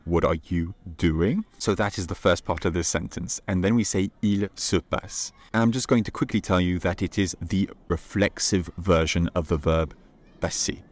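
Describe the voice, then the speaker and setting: A man with a very deep voice hosts a podcast lesson. He talks in a relaxed, playful way and slows down to model phrases for listeners to repeat. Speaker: podcast host and French teacher.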